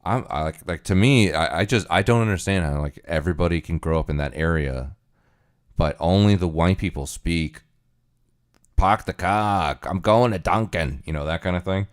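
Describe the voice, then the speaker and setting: Deep-voiced man musing on a livestream. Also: brisk. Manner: musing, rambling, thinking aloud. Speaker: livestream host. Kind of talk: casual livestream chat.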